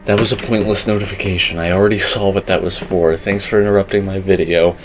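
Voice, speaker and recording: Speaking fast in a low, steady voice, this young gaming YouTuber rambles casually about a game teaser. He's opinionated and leans heavily on filler words, all captured on poor-quality audio.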